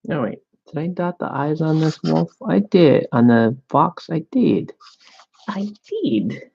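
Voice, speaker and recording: A man's voice: fairly high pitch, lively intonation, slow pace, gravelly, dark tone, husky, dull audio. A man chatting casually while painting miniatures, laid-back and joking, swearing now and then.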